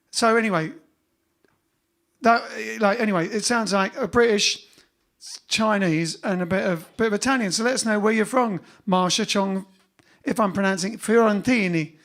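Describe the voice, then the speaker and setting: A man hosts a casual live stream for his band, chatting in a rambling, joking way full of fillers and restarts. His voice sits high and sounds bright and forceful.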